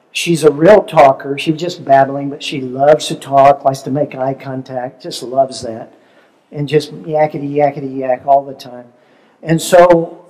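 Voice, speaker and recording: Older man, seminar presenter, somewhat high voice, chatty storytelling, quizzes the audience. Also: darkish tone, rough recording. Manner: conversational, storytelling, asks audience questions. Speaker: seminar speaker. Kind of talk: relationship seminar talk.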